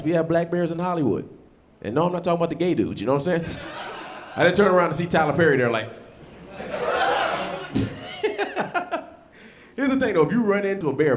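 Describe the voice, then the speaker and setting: A man doing a stand-up comedy set on a club stage, with punchy, animated storytelling and asides to the crowd. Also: mid-range voice. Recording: live club with loud background noise.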